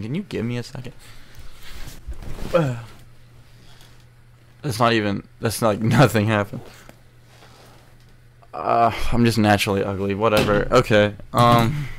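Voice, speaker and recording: A teenage boy telling a story to camera in a rambling, emotional way, recorded on an earbud mic at low quality. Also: vocal fry, slight background noise. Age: teens. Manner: rambling, restarts often, emotional. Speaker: vlogger. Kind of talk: casual storytelling vlog.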